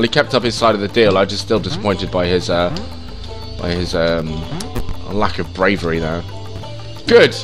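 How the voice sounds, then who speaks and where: A man casually swearing and reacting as he plays a game. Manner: excitable, sweary, jumps in pitch. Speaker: gaming channel host. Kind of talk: let's play commentary.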